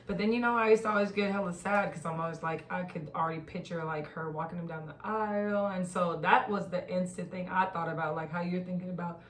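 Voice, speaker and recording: Lively Bay woman, echoey and distant. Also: fairly low pitch, quick pace, few pauses. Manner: animated storytelling, bursts of laughter. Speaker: podcast host. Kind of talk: casual chat. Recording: echoey room, mic at a distance.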